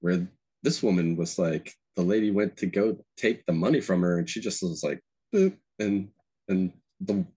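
Male podcast host, low husky voice, animated storyteller who swears and acts out quotes. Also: normal speed. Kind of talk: casual chat.

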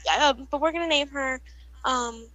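A woman's voice: high voice, normal speed, bright, forceful tone, dry recording, muffled recording. A young woman telling a rambling storytime vlog, with lots of fillers and laughs. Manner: rambling, giggly, frequent fillers. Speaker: vlogger. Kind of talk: casual storytime.

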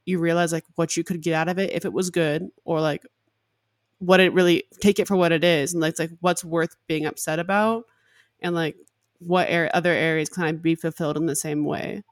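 A woman's voice: lowish voice, fairly even intonation, fairly quick, dry recording, clean studio sound. A woman in her twenties hosting a podcast, chatting casually and candidly, with "like" filling many of her sentences. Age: 20s. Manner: candid, heavy use of "like" as filler. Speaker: podcast host. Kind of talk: casual chat.

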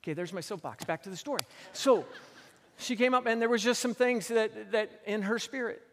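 A man's voice: high-pitched, fairly quick, big-room sound. A man preaching a sermon as pastor on a church stage, telling a story earnestly and repeating phrases for emphasis.

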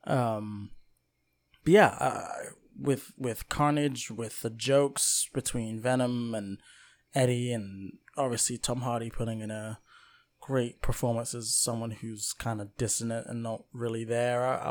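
A young man with a mid-range voice co-hosting a relaxed podcast. He talks through his opinions in a measured way, pausing often with ums and uhs. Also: mid-range voice. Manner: measured, hesitant, lots of fillers. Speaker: podcast co-host. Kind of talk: casual film chat.

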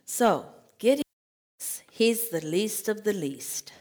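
A woman teaching a Bible study as a sermon, lively, acting out scripture and conversations in other voices. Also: mid-range voice, slow pace. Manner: animated, acts out scripture quotes and conversations. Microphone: podcast mic.

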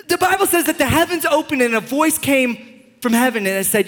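A young man preaching a sermon as a pastor, enthusiastic and joking with sudden loud bursts. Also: very high voice, a little fast. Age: young adult. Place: large church hall. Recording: long church-hall reverb.

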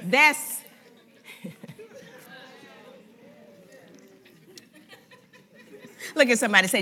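A woman pastor preaching a sermon in an animated, conversational way, joking with and speaking directly to her congregation. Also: high-pitched, measured pace, a crowd in the background, background noise. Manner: animated, conversational preaching with humor and audience address.

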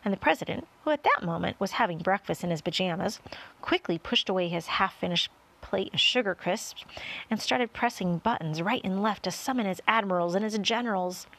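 Woman, storybook narrator, husky voice, lively pitch, expressive reading. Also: a little fast. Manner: expressive, varied delivery. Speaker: audiobook reader.

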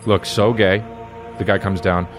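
A man's voice: low voice, steady tone, a little slow, music in the background. A young man hosting a podcast, riffing profanely in casual comedic chat and jumping into silly voices. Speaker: podcast host.

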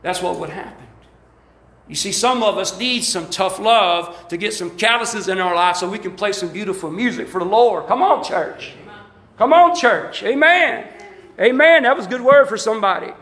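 A man with a Southern accent preaching a fervent sermon in church, shouting and calling out to the congregation. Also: high-pitched, lively intonation, moderate pace. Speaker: pastor. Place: church sanctuary. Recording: roomy echo of a church hall.

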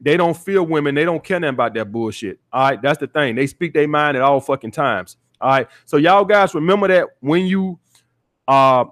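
A man hosting a call-in dating podcast, his voice sitting a little higher than most men's. He talks bluntly and profanely, lecturing his listeners and leaning on "all right" over and over. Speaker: podcast host, dating coach. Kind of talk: call-in podcast advice rant.

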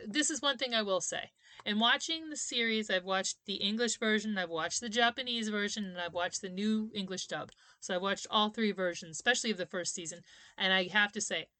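Woman, 30s, casual podcast chat, opinionated, bright tone, dry close sound. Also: medium pitch, dry recording. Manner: chatty, opinionated, laughs often. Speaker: podcast co-host.

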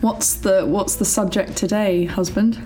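A woman's voice: mid-range voice, steady tone, unhurried, dark tone, soft background music. A woman co-hosting a casual home podcast with her husband, playful and giggly. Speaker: podcast co-host. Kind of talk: casual chat. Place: home living room. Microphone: podcast microphone.

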